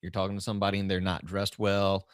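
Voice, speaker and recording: Lowish-voiced male coach, dry close sound. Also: completely flat delivery, quick pace, smooth, dry recording. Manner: rambling, with restarts and shifting emphasis. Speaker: podcast host and business coach. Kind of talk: casual coaching talk.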